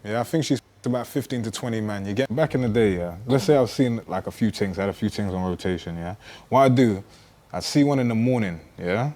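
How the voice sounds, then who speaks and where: A man's voice: on the low side, a little fast, darkish tone. A man chatting casually, telling stories in laid-back slang. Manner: laid-back slangy storytelling, tags lines with "bruv". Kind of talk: casual chat.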